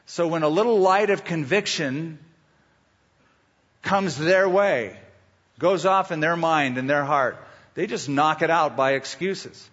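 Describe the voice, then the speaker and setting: A pastor preaching a sermon with emphatic rhetorical questions and homely illustrations. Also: male voice, a little high, slow pace, fairly bright tone, long reverb tail, dull audio.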